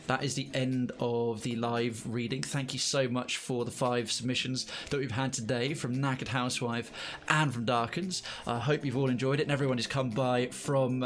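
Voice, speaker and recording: A male streamer reading viewer stories aloud and chatting between them, rambling and correcting himself as he goes. His pitch sits in a middle range, with faint music playing softly behind him. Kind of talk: live story reading and chat.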